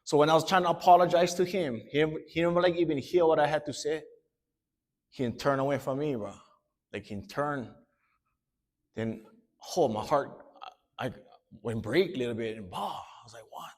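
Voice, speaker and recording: With long pauses but a normal speed, a high-leaning Hawaiian man with a Pidgin accent tells students a story as a motivational speaker, laughing, animated, and shifting into character voices.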